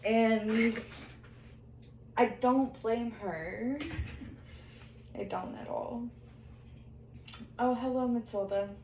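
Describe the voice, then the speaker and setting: A woman's voice: fairly high pitch, extremely slow, pauses often, darkish tone. A woman working as a medium who relays what a spirit tells her during a reading, quoting the spirit and breaking into laughter now and then. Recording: echoey room, faint background noise.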